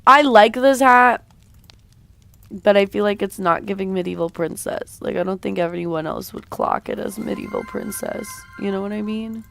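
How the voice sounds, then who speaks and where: A woman's voice: mid-range voice, moderate pace, gravelly, fairly bright tone. A woman streamer chatting casually with her viewers while she draws, her voice sounding a bit sick. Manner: chatty, talks while drawing, reads and answers chat. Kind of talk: casual drawing livestream chat.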